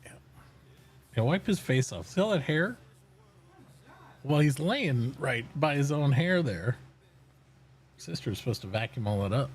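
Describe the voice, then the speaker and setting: A man streaming casually from home, chatting and talking fondly and softly to his dog. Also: medium pitch, animated, moderate pace, long pauses, a little hiss or hum, rough recording. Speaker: live streamer. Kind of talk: casual chat while streaming.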